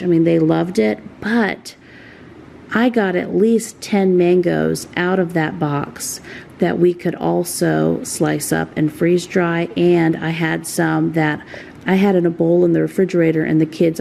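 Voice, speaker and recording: A woman with a low, gravelly voice talks through her kitchen routine in a chatty vlog. She explains each step as she works. A faint hiss sits under her voice. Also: dark tone. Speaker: vlogger, mother of a large family. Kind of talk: casual narrated home vlog.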